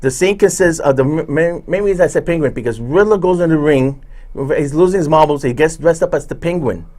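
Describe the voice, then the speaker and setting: A man's voice: on the high side, fairly quick, darkish tone. A man, hosting a casual talk show and telling rambling stories full of fillers and restarts. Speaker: show host, background actor. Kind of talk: casual chat, storytelling.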